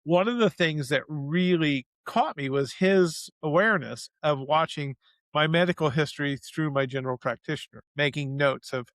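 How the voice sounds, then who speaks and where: A man guest in an interview, telling a personal story in an animated way, speeding up and slowing down as he goes. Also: a little high, dry recording. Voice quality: gravelly.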